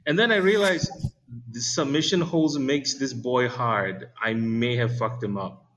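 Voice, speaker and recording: A man's voice: medium pitch, unhurried, a bit bright, a little hiss or hum, low-quality recording. A man co-hosting a podcast, telling a crude, jokey story in casual chat and acting out the people in it. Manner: crude, jokey, acts out quotes. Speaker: podcast co-host.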